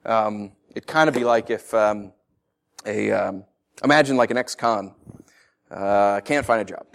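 With a lowish voice, vocal fry, and a measured pace, a pastor delivers a sermon. Reading from scripture, he gets animated, voicing the characters and laughing along the way.

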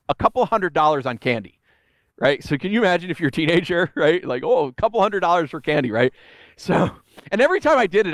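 Man, high-pitched, casual animated preacher, dry close sound. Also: smooth, dry recording. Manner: animated storytelling, voices quotes. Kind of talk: conversational sermon.

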